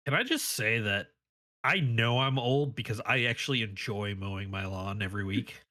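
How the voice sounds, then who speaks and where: Man in his 30s, podcast co-host; bright tone, easygoing, playful anecdotes. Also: on the low side, normal speed. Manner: chatty storyteller, playful. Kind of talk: casual podcast chat.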